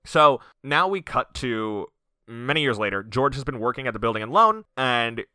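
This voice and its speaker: A man co-hosting a podcast, chatting casually about an old film and retelling its plot with quick joking asides. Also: medium pitch, sing-song, sharp tone, smooth, dry recording, clean studio sound. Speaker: podcast co-host.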